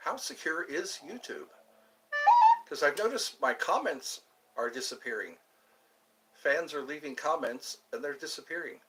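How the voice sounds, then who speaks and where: Slow, bright-voiced man, mic-distant. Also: lively intonation, soft background music. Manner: slow, drawn-out musing with low murmured chanting. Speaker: livestream host. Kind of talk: rambling solo livestream.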